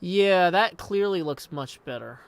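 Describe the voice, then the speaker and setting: A tired man chatting casually on a live game stream, rambling, correcting himself and thinking out loud. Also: sits high, expressive, a little slow, vocal fry, clear, resonant tone. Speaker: Minecraft streamer.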